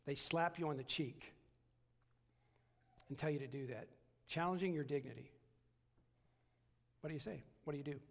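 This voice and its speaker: A man's voice: on the high side, moderate pace, creaky, pauses often, long reverb tail. A man preaching a sermon as pastor, repeating phrases and building to emphatic peaks. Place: church sanctuary.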